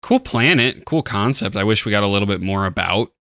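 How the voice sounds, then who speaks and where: A sleepy man with a lowish voice co-hosts a laid-back chat, pausing often on fillers. His tone is bright and forward. It is recorded dry and close. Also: expressive, no room sound. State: sleepy, yawning. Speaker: podcast co-host. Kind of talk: casual chat reviewing an episode.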